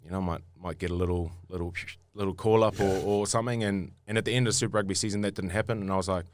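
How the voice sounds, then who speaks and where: A deep-voiced man with a New Zealand accent tells his story in a loose, rambling way, full of fillers and restarts. He is recorded on a close studio mic with a dry, dead sound. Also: steady tone, racing, dry recording. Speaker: guest rugby player. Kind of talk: casual podcast storytelling.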